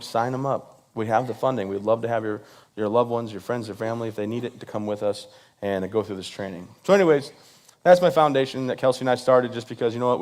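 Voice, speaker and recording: A man in his thirties jokes his way through a speech before a live audience, playfully imitating the people he quotes. His voice is mid-range and a little mellow.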